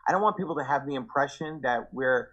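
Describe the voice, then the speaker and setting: Man, young adult, husky voice, earnest, reflective, podcast guest. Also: mid-range voice, fast, lo-fi sound. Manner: earnest, reflective, animated when quoting himself. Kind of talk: casual conversation.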